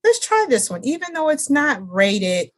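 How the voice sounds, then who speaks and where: A woman's voice: sits high, very animated. A woman co-hosting a casual book-chat podcast, chatty and emphatic in her opinions. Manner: emphatic, drawn-out complaints, chatty. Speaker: podcast co-host.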